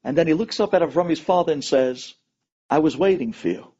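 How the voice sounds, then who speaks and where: A man, a rabbi, telling an inspirational story dramatically, acting out each person's pleas with big swings in pitch and loudness. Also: lively intonation, brisk, lo-fi sound.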